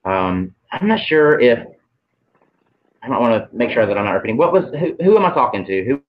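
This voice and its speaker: A man's voice: on the low side, big pitch swings, quick pace, muffled recording. A man channeling spirit messages on a live stream, relaying them bluntly with swearing and hesitant fillers.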